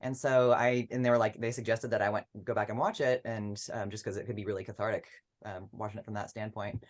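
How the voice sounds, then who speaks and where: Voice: medium pitch, level tone, fast. Earnest, reflective activist guest. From Memphis, Tennessee. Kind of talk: casual panel chat.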